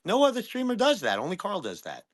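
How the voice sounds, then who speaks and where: A man's voice: sits high, wildly swooping pitch, fast talker. Agitated profane man in his fifties. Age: 50s. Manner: profane, agitated, repeats himself. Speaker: streamer and guest. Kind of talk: heated conversation.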